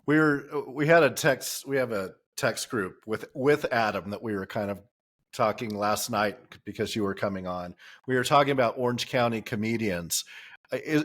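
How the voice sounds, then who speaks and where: A man co-hosting a podcast, asking a guest questions in easy casual chat. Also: medium pitch. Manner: friendly interviewer, asks questions. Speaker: podcast co-host.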